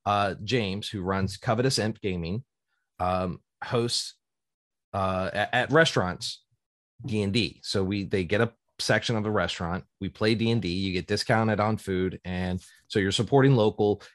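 A male podcast host with a fairly low voice, chatting casually. He rambles with enthusiasm and drifts from one tangent to the next. The sound is close and dry, with no room around it. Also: moderate pace, no echo. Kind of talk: casual chat.

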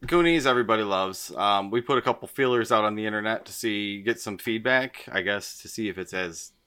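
Bright-voiced podcast host, low-pitched man. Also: brisk, smooth. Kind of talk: casual podcast chat.

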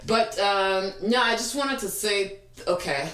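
A woman's voice: medium pitch, measured pace, a bit bright. A woman in casual chat, asking probing follow-up questions about a shared family story. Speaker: conversation partner asking questions. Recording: echoey room with music behind.

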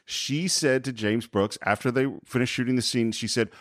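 A man co-hosts a film podcast, chatting casually and acting out lines from the movie. His voice swings lively in pitch. The sound is dry and close. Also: fairly quick, dry recording. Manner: animated, acts out quotes. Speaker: podcast co-host.

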